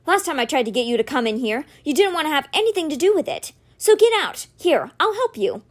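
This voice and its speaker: A woman reading aloud, voicing an angry, commanding teenage boy mage who shouts his demands. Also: high voice, very animated, quick pace, pitched above the performer's own voice.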